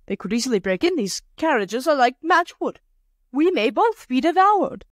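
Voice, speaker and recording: A woman's voice: high voice, sing-song, moderate pace, no echo, clean studio sound, voice pushed up. A woman voicing a timid male traveler who talks anxiously and exclaims often.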